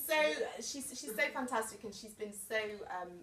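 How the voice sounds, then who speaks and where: A woman in her forties giving a heartfelt, halting thank-you speech at her birthday party, often breaking into laughter. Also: on the high side. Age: 40s. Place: large room or hall at a party. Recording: echoey hall from far off, crowd behind.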